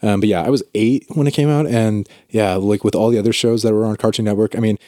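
A man's voice: lowish voice, quick pace, dark tone, no room sound, clean studio sound. A young adult man chatting casually as a podcast co-host, rambling with lots of fillers and restarts. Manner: rambling with many likes and restarts. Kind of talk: casual chat.

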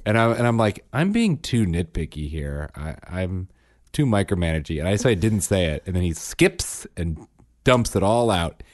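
A man chatting casually as a podcast co-host and parent, telling animated stories about his kids, acting out their voices and laughing often. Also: low voice, normal speed, no room sound, clean studio sound. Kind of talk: casual chat.

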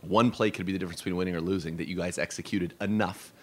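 Sports radio host guy, low voice, gets excited and asks long rambling questions. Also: very fast. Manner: enthusiastic, long wordy questions.

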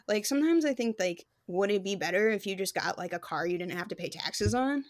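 A woman's voice: mid-range voice, animated, brisk. A young woman co-hosting a podcast in casual chat, playful and rambling with lots of fillers. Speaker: podcast co-host.

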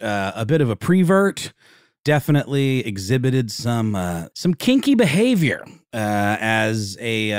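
A man's voice: mid-range voice, smooth, dry recording, clean studio sound. A man co-hosting a casual history podcast, rambling with lots of fillers. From Augusta, Georgia, US. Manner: rambling, many fillers and restarts. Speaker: podcast co-host.

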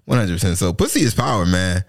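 A man's voice: sits low, very animated, fast. A man co-hosting a podcast in casual banter, talking in profane slang and often laughing as he tells stories. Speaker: podcast co-host.

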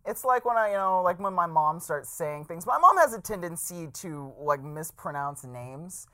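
A woman's voice: on the low side, expressive, normal speed, pushed and bright. A woman co-hosting a podcast, telling stories and playfully teasing in casual chat. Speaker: podcast co-host.

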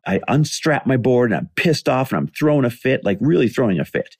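A man's voice: lowish voice, very animated, quick pace, few pauses, darkish tone, husky, no room sound, clean studio sound. A man in his forties telling a personal story in a candid, conversational way as a podcast host, acting out what people said. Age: 40s. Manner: candid, conversational, acts out quoted dialogue.

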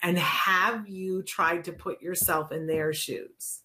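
Casual host: a woman with a lowish voice who chats and rambles with her audience. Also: fairly even intonation, slow pace. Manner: chatty, rambling, warm asides and self-corrections. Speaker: show host. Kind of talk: casual radio talk show chat.

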